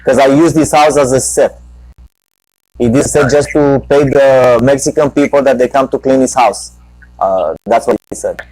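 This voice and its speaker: A man's voice: mid-range voice, normal speed, a little mellow, dry recording, poor audio. A man hosting a live talk show, telling a long rambling anecdote full of profanity and restarts. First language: Romanian. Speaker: talk show host and comedian.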